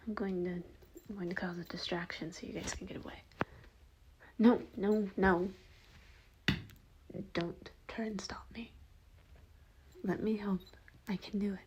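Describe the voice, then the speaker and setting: A woman's voice: on the low side, fairly even intonation, normal speed, long pauses, a little hiss or hum, lightly acted. Woman whispering as Bob, self-sacrificing young man. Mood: reassuring. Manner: hushed, gentle, reassuring. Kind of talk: whispered role-play.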